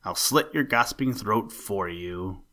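A wicked old rat snarls his threats from a children's storybook, as a man reads him aloud. The voice sits fairly low and drips with sneering menace. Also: expressive, unhurried, bright, forceful tone. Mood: snarling.

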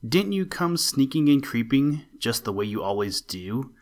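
A man voicing a cheeky, indignant little male sparrow in a storybook reading, shrill and mocking. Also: sing-song, moderate pace, a little mellow.

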